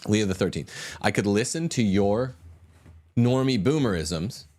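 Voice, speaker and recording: A man's voice: on the low side, lively intonation, unhurried, darkish tone. A man hosting a podcast, talking in an emphatic, combative way with sweeping asides. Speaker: podcast host. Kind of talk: opinionated podcast talk.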